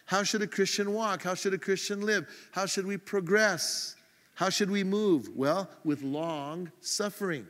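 A man's voice: high voice, a bit bright. Self-mocking man preaching in a reverberant hall. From United States. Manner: conversational, self-mocking, acts out his own irritation in quick asides. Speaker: pastor. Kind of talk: sermon.

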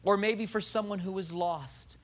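A man's voice: high-pitched, measured pace. A man preaching a sermon as a pastor, asking the congregation rhetorical questions and acting out what people say. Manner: animated preaching, rhetorical questions and acted-out quotes.

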